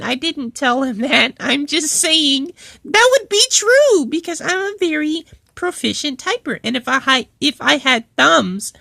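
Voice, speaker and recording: A woman's voice: sits high, gravelly, bright, forceful tone, no room sound, clean studio sound, full character voice. Woman playing a preachy cow office worker. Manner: rambling, full of fillers and restarts; preachy, quotes Bible verses. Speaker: channel host. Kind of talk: in-character storytime vlog.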